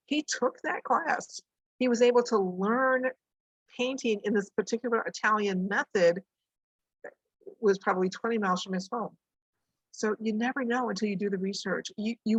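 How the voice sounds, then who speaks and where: A woman's voice: medium pitch, fairly bright tone, slightly rough, no echo, low-quality recording. A woman business coach leading a casual online workshop, chatty and encouraging, telling stories from her clients. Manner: chatty, encouraging, tells anecdotes. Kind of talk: casual live coaching session.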